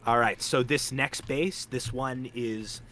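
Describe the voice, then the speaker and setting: A man's voice: medium pitch, fairly even intonation, slow, a bit bright, a little hiss or hum. A young man chatting casually while showing his game bases, joking in a playful, hyped-up way. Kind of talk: casual gaming chat.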